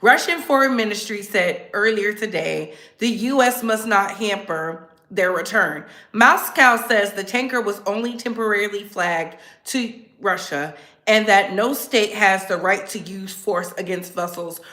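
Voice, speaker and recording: A woman hosting her own commentary channel, talking straight to her viewers in a sassy, animated way. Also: mid-range voice, measured pace, reverberant. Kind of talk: casual commentary.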